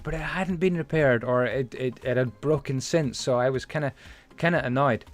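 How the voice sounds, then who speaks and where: Male host, mid pitch, rambling build commentary with story asides, faint music behind. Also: moderate pace, few pauses. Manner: rambling, chatty, many fillers and asides. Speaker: Minecraft building channel host.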